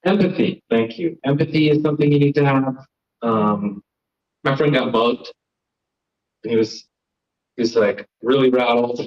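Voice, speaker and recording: A man's voice: mid-range voice, moderate pace, long pauses. A young man from Florida doing a live stand-up set, rambling, self-deprecating and riffing with the crowd. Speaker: stand-up comedian and host. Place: comedy stage. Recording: lo-fi live stream audio.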